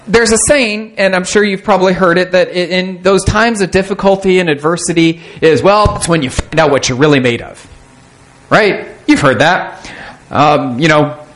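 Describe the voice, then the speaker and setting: A man's voice: high voice, fairly bright tone, low-quality recording. Conversational man preaching a sermon. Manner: conversational, self-deprecating, with repeated restarts. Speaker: pastor.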